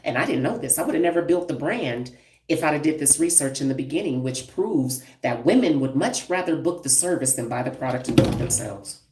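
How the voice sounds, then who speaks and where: Low-voiced blunt woman in her fifties. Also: expressive, fairly quick, background noise. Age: 50s. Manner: blunt, emphatic, talks straight to viewers. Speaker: hairstylist and brand owner. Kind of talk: live-stream casual talk. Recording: echoey room, distant from the mic.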